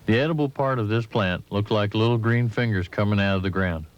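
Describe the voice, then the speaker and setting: A man giving measured, instructive scripted narration for an instructional film, recorded as a voice-over. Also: on the low side. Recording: dull lo-fi 1980s training film audio.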